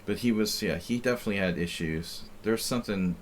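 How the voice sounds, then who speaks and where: A middle-aged man hosting a chess stream, chatting casually in a rambling, halting way with lots of fillers and restarts. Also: fairly low pitch, slight background noise. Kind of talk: casual chat while playing.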